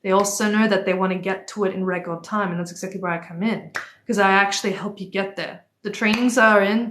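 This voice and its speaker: A woman's voice: medium pitch, fairly bright tone. A young woman with a non-native accent coaching viewers on a livestream in a direct, chatty way, stopping now and then to thank commenters. Her voice sits in a middle range. Her phone picks up the echo of a bare room. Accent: non-native accent, origin unstated. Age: young adult. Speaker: dating and life coach. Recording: echoey room.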